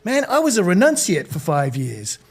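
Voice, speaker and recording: A man's voice: high-pitched, wildly swooping pitch, normal speed, slightly rough, full character voice. A man doing a laid-back American surfer dude. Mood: easygoing. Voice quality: drawling, loose put-on accent. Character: laid-back tall male surfer type, former renunciate.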